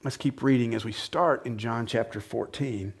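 A man preaching a sermon in a conversational way, asking the listeners questions and acting out lines with sudden shifts between loud and soft. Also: mid-range voice, normal speed, husky. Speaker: pastor.

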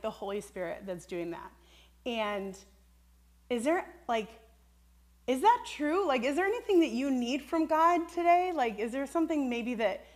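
A woman preaching a sermon in a warm, conversational way, slipping into a personal story with plenty of casual fillers. Her voice sits a little higher than most women's, and she talks earnestly and directly to her listeners.

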